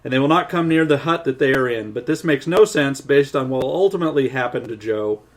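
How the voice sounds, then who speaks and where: A man on a casual podcast recapping a film's plot in a steady, dry way. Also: mid-range voice, fast. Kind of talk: casual chat.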